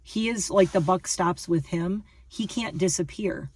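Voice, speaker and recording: A fairly low, slightly slow and somewhat rough voice with a darkish tone belongs to a lifestyle vlogger in her fifties, recorded from afar. Chatting casually to camera, she rambles emphatically, says things more than once and keeps starting her sentences over.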